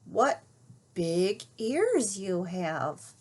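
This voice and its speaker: A careful, wide-eyed young girl from a children's storybook, as a woman reading aloud voices her. Her words come slow and measured, high and swooping. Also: very animated, exaggerated voice. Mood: wondering.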